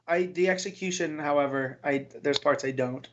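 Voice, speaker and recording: A man's voice: fairly high pitch, normal speed, slight background noise. Blunt podcast man, muffled sound. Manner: opinionated, blunt. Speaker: podcast co-host. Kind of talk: casual chat.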